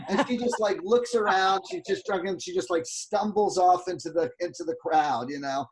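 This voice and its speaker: A man's voice: sits high, brisk, few pauses, breathy edge. A man, a guest photographer, telling a rambling story with fillers and restarts on a video call. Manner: animated, lots of restarts and fillers.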